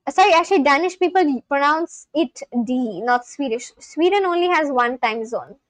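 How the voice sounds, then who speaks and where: A woman with a high, bright-pitched voice hosts a casual live stream, talking freely and reading chat messages aloud. She is easygoing and laughs often. The sound is close and dry, with no room around it. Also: expressive, normal speed, dry recording, low-quality recording. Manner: chatty, reads out and answers chat, laughs often.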